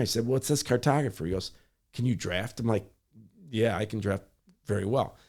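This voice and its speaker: This Michigan man, middle-aged and working in public service, voices the people in his story and keeps fixing his wording mid-sentence. He speaks on the low side with a warm tone.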